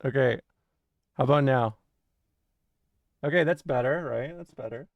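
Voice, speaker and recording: A woman's voice: extremely low pitch, a little slow, no echo, lo-fi sound. A woman streamer in casual livestream chat from a home setup, rambling, swearing and interrupting herself with frequent laughs.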